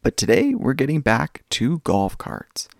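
A man hosting a podcast and telling stories in a relaxed, casual way. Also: medium pitch, measured pace, gravelly, no echo. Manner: relaxed storytelling. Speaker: podcast host.

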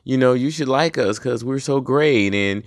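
A man performs a smug British character who fawns and begs for admiration in a mocking sing-song. He speaks at normal speed and medium pitch, raised above his own natural voice yet still sounding natural, in clean studio audio with no room sound.

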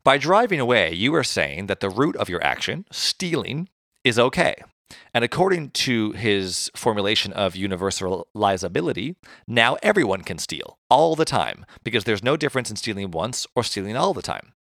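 Gravelly man explaining philosophy. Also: lowish voice, normal speed, no echo, studio quality. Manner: animated, self-deprecating, stumbles over hard words. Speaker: podcast co-host. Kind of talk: casual explanatory chat.

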